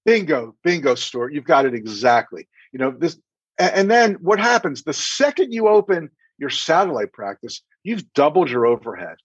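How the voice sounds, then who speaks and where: Dentist guest on business radio, male, husky, emphatic explainer, dry muffled audio. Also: fairly high pitch, sing-song, normal speed, no echo. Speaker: dentist and practice consultant, guest.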